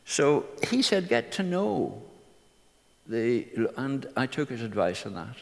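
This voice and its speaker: Older minister telling stories to his church, mid pitch, echoey hall. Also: sing-song, takes it slowly, creaky. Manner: earnest anecdotal storytelling. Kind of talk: personal testimony to a congregation. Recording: reverberant hall.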